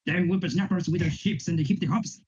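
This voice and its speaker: A man's voice: high-pitched, a little fast, a little mellow, slightly rough, soft background music. A man in his twenties putting on a grumpy old grandpa voice, grumbling about youngsters, on a muffled mic.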